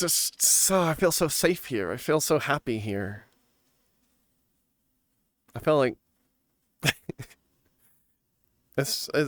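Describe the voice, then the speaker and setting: A man's voice: medium pitch, no echo, studio quality. A man streaming live, chatting casually and playfully, giggling often and reading viewer comments aloud.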